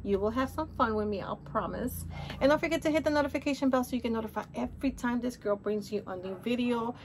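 A woman's voice: on the high side, quick pace, slight background noise. A middle-aged woman with a Spanish accent, chatting upbeat through a shopping haul and calling viewers honey. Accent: Spanish-accented English. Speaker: haul vlogger. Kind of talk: casual shopping haul chat.

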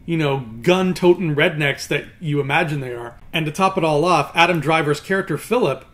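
A young man talks through a film review in a casual, chatty way, full of "you know" and "like". His voice sits somewhat high and leaps higher still when something annoys him. He sounds animated and quick to get exasperated.

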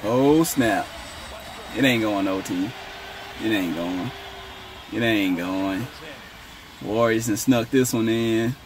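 A man reacting live to a basketball game, slangy and excitable, talking straight to his viewers. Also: lowish voice, slow, pauses often, crowd noise. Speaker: sports reaction YouTuber.

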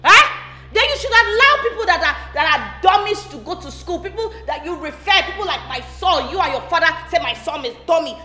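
An actress with a Nigerian accent playing a hot-tempered, scornful wealthy stepmother who mocks and scolds loudly. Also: sits high, exaggerated voice. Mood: scolding. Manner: loud, mocking and scolding. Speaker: film actress. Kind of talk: Nollywood film acting. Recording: echoey room with faint music.

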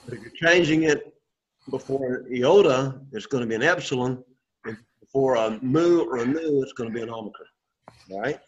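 A man's voice: mid-range voice, moderate pace, muffled recording. A man teaching a Greek class, explaining patiently and checking in with "okay?" after each point. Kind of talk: classroom lesson.

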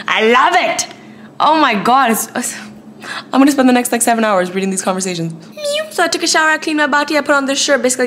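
A woman's voice: medium pitch, a bit bright, slight background noise. A young woman in her twenties talking to camera at home in a chatty, slangy daily vlog. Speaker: vlogger. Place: at home, indoors.

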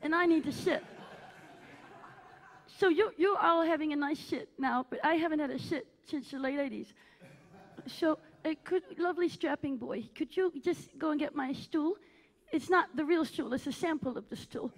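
A woman's voice: high-pitched, normal speed. A woman playing a needy, self-obsessed aging female cabaret diva, gushing and melodramatic as she teases the audience from a theatre stage. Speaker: cabaret performer. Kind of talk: live stage character comedy.

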